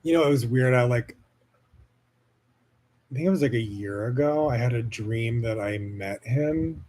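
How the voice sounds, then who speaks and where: A man's voice: mid-range voice, a little slow, a little mellow. A man hosting a solo podcast, talking in a casual, rambling way with lots of fillers and swearing. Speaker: podcast host.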